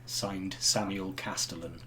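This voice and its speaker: A man's voice: low voice, level tone, takes it slowly, pushed and bright, heavily acted. A man reading out a letter as a posh male pub owner, formal and stiff. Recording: noisy home recording.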